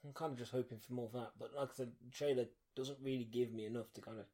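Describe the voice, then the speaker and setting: A man co-hosting a casual podcast, with a voice of middling pitch for a man. He talks chattily, laughs often and trails off with ums. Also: steady tone, fast talker, mellow. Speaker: podcast co-host. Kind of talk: casual chat.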